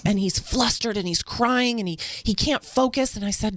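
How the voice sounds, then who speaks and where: A woman guest on an interview show, a mother telling stories in an earnest, animated way. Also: a little high, normal speed, hardly any pauses, no echo. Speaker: podcast guest. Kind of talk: conversational interview storytelling.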